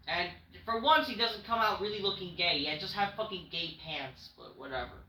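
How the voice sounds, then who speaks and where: Blunt, dismissive man with a sharp voice. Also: high-pitched, very animated, a little fast, hardly any pauses. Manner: blunt, dismissive, frequent swearing. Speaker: wrestling show reviewer. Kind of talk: casual profane rant. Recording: roomy echo.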